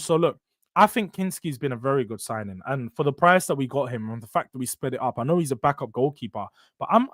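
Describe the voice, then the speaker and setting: Bantering football host. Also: male voice, on the high side, dry recording. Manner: banter-heavy, animated, trash-talking rivals. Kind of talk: casual fan vlog answering chat.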